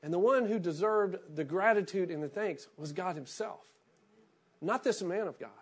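High-voiced pastor preaching. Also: male voice, normal speed, slightly rough. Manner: reads scripture aloud, then preaches in a conversational, anecdotal way. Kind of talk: sermon with scripture reading.

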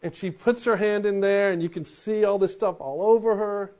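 A man in his forties, a pastor preaching a sermon in a conversational way, dropping to a hush for emphasis. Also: sits high, fairly even intonation, normal speed.

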